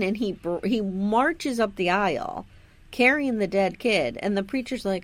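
A woman's voice: mid-range voice, measured pace. A woman co-hosting a casual podcast, recapping a TV episode with laughter, swearing and acted-out quotes. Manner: animated, laughing, acts out quotes. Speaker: podcast co-host.

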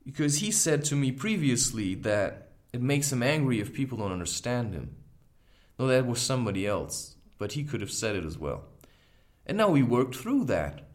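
A man in his thirties, hosting a podcast and telling a personal story in a reflective, candid way, full of asides like "you know" and "right". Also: medium pitch. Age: 30s. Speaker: podcast host.

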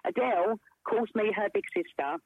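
Husky woman on a tinny phone line. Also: medium pitch, moderate pace, no echo. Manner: animated storyteller, swings her voice up and down. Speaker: guest, stage performer. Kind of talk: casual chat.

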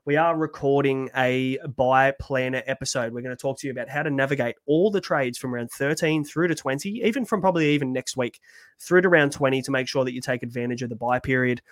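A man's voice: mid-range voice, fast, no echo. A man co-hosting a fantasy sports podcast, chatty and upbeat with many fillers. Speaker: podcast co-host. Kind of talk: casual fantasy sports chat.

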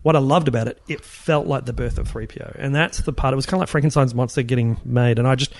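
A man's voice: medium pitch, fast talker, no echo. A middle-aged man, a guest in a casual interview, rambling with many restarts as he recalls his work. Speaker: guest, film puppet and props builder.

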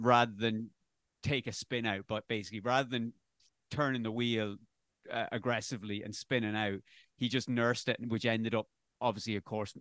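A man's voice: mid-range voice, a bit bright, smooth, no room sound. A man chats casually about racing, rambling and opinionated and often stopping to correct himself. His voice sits in a middle range. The recording is dry and close, with no room sound. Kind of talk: casual sports discussion.

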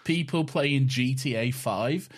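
A man co-hosting a podcast, chatty and quick to giggle. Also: medium pitch. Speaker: podcast co-host. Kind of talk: casual chat.

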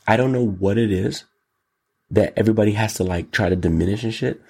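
A man hosting his own show, talking solo in an animated, exclamatory way, riffing and repeating words in long runs. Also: fairly low pitch, a little fast, gravelly, slight background noise. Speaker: show host. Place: Los Angeles.

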